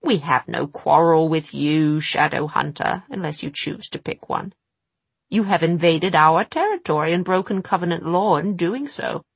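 A woman voicing a sinister female demon sister from a storybook, shrill and contemptuous. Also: lively intonation, normal speed, vocal fry, husky, dry recording, exaggerated voice. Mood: menacing.

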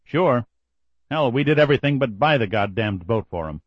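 A man playing an exhausted, short-tempered civilian who speaks gruffly and curtly. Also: medium pitch, animated, normal speed, no room sound, highs cut off. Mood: irritated. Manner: gruff, curt.

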